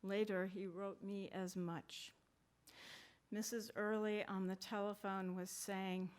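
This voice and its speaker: A woman author reading her literary fiction aloud in a measured, deliberate way, with brief asides to the audience. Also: mid-range voice, steady tone, smooth. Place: conference reading.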